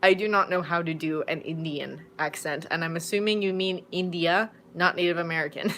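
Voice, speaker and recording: An adult woman who reads fanfiction aloud, chatting casually from home in a live-stream Q&A. She rambles and jumps into sudden bursts of excitement. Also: lowish voice, brisk, slight background noise. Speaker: fanfiction audiobook narrator and streamer.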